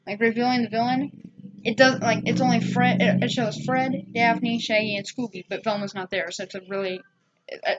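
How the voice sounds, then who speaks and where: A woman's voice: medium pitch, lo-fi sound. A woman giving a casual, rambling spoken movie review at home, full of fillers and restarts.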